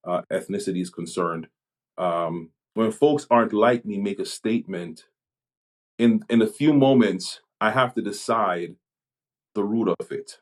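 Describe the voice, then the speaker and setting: A man from Jamaica with a fairly low voice talks as a pastor and police chaplain in a relaxed podcast chat. He thinks aloud, trips over his first words and starts again, and then lands his point with calm conviction. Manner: reflective, halting, many restarts. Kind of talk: podcast conversation.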